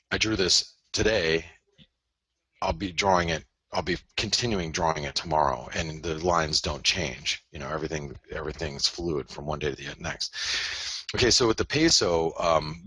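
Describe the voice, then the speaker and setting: A man's voice: extremely low pitch, bright, forceful tone, slightly rough, no room sound. A man hosting a live currency-market analysis broadcast, rambling, self-interrupting and joking as he goes through his charts. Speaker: host and currency trader.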